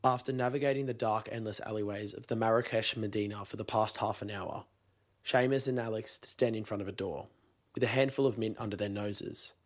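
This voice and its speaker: Man narrating a documentary story. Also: on the low side. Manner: measured, dramatic scene-setting. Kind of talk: scripted narration.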